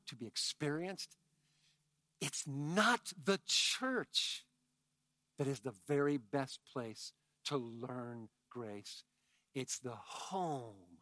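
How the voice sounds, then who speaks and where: Man, pastor, sermon, high voice, emphatic, hushed to shouting, chatty asides, dry recording. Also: no echo. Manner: conversational asides to the congregation.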